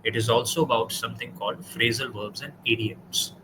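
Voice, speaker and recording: A man's voice: mid-range voice, fairly quick, bright, forceful tone, slight background noise, poor audio. Indian man giving frank English feedback. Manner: direct, corrective, explanatory. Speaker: English tutor. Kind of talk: spoken English practice session with feedback.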